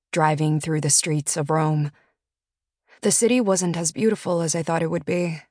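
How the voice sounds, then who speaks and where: A woman narrating a first-person audiobook in a measured, introspective reading. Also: low voice, a little mellow, no echo, studio quality.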